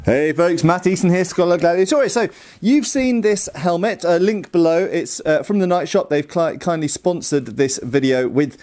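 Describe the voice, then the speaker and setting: A man's voice: high-pitched, moderate pace, a little mellow. A middle-aged man with an English accent hosts a casual educational talk, chatty and digressive. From England. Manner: chatty and digressive, with lots of ums and uhs. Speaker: host.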